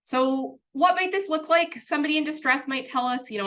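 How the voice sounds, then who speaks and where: Bright-voiced woman presenting a webinar. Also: high-pitched, brisk. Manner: conversational, earnest, a bit self-deprecating. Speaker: workplace training presenter. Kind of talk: training webinar.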